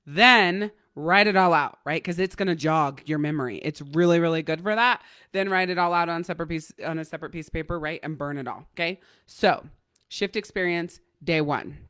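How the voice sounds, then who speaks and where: A woman life coach giving a motivational coaching talk, blunt and profane, driving points home with fast repetition. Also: lowish voice, fairly bright tone, clean tone, no echo, clean studio sound.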